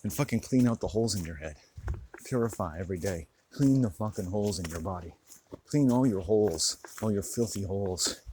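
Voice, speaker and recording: A man with a fairly low voice rants to his camera, preachy and heavy with swearing. He smokes and drinks as he talks. A faint hiss of noise sits behind him. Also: brisk, dark tone, rough recording. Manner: profane, preaching rant. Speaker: vlogger. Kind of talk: monologue to camera.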